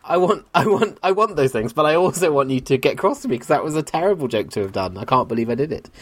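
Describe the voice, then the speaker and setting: A man's voice: a little high, animated, fast talker. A man with a cold, co-hosting a podcast with self-mocking, playful banter. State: has a cold. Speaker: podcast co-host. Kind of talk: casual chat.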